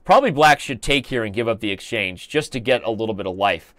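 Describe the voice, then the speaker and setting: A man's voice: on the low side, expressive, a bit bright, no echo. Playful male chess stream host, dry sound. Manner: playful, joking, fast-moving. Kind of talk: live chess commentary.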